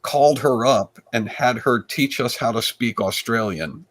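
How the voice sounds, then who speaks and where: A man, a comedian guest, telling stories in a rambling, animated way with frequent restarts. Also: medium pitch, measured pace. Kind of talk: casual storytelling chat.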